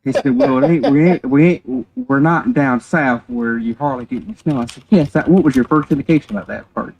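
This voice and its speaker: A man's voice: medium pitch, expressive, fairly quick, gravelly, a little mellow, slightly rough, muffled recording. A man, chatting on a game stream and telling a joking, rambling story with casual swearing. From North Carolina, USA.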